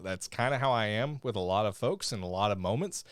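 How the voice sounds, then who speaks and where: A man's voice: on the low side, expressive, a little fast, clean tone, no echo. A young man co-hosting a podcast, chatting casually and animatedly, swearing freely and acting out quoted lines. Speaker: podcast co-host. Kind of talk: casual chat reviewing a TV episode.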